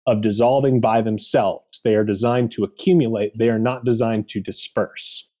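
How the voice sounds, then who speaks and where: A man with a slightly low voice who argues his point bluntly as a podcast guest. He talks plainly and throws in a curse here and there. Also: steady tone, normal speed, dark tone. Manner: blunt, argumentative, swears. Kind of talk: casual podcast discussion.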